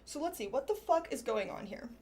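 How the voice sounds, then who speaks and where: A woman's voice: high-pitched, lively intonation, brisk, slight background noise. A woman streamer giving sarcastic, profane commentary as she reads messages aloud. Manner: soft baby talk to her cat. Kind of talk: livestream political commentary.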